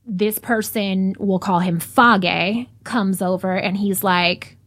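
A woman speaks in a mid-pitched voice, close and dry, with no room around her. She tells her story bluntly and swears freely. She grows louder and more animated as she relives it. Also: moderate pace, hardly any pauses, no echo. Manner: blunt, profane storytelling, animated when retelling. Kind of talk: casual podcast conversation.

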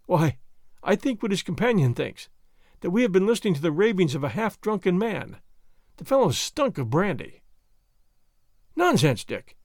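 A man doing an unflappable, dismissive gentleman. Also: sits high, big pitch swings, moderate pace, pauses often, no room sound, clean studio sound, exaggerated voice. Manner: dismissive, testy. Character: calm, unflappable gentleman friend.

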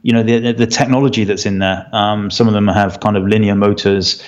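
A man's voice: lowish voice, level tone, a little fast, lo-fi sound. A man co-hosting a photography podcast, explaining at length in casual chat with plenty of fillers and a firm opinion. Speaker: podcast co-host.

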